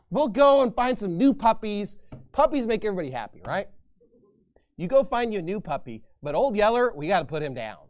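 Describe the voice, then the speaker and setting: High-voiced man preaching emphatically. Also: darkish tone. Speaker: pastor. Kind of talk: sermon.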